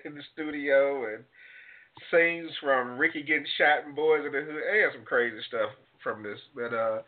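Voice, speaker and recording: A man's voice: mid-range voice, normal speed. A man hosting a casual panel talk, laughing often and prompting his co-hosts with questions. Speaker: host. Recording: phone-like lo-fi audio.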